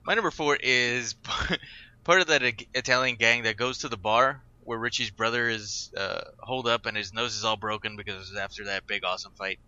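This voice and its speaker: Bright-voiced man cracking jokes, lo-fi mic. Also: medium pitch, fairly even intonation, brisk. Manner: wisecracking asides. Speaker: podcast co-host. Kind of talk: casual movie review chat.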